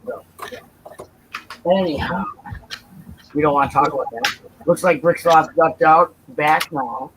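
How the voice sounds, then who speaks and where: A man's voice: a little high, measured pace, pauses often, noisy background. A man hosting a live building stream in casual, rambling chat, often correcting himself mid-sentence. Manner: rambling, chatty, self-correcting.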